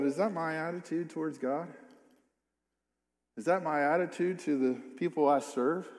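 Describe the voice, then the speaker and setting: Guy preaching in a church hall, voice kinda high, lots of reverb. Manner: reads scripture then comments with rising emphasis. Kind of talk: sermon.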